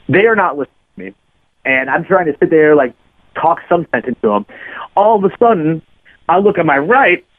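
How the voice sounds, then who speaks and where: A man with a high-leaning, slightly rough voice rambles through a long, foul-mouthed anecdote as a podcast guest, full of "like" fillers. It's casual storytelling, and the recording is dry with a narrow phone-line sound.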